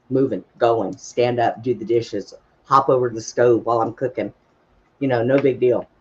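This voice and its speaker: Man, mid-pitch, folksy straight-talker, casual storyteller over a dull lo-fi line. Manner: blunt, folksy, swears casually, laughs at own stories. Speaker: open mic storyteller.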